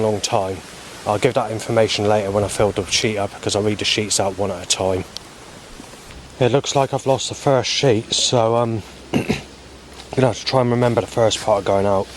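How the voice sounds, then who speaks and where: A man rambling through a spoken log of his day, halting often with ums and restarts. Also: mid-range voice, a little hiss or hum. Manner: halting, many ums and restarts, flat recounting. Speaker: vlogger.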